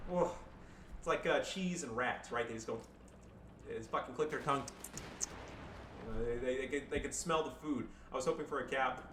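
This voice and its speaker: A man casually commentating his own strategy game match, joking and swearing loosely. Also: mid-range voice. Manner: joking, loose, swears, fillers like "you know". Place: home room with family around. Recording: echoey room, far-off mic, background noise.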